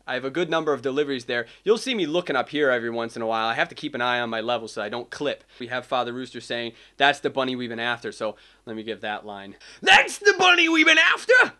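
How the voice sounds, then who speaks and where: A man's voice: medium pitch, fast talker, few pauses, fairly bright tone. A man, an independent animator, talking casually and explaining his process into a cheap desk microphone at home. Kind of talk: casual vlog talk.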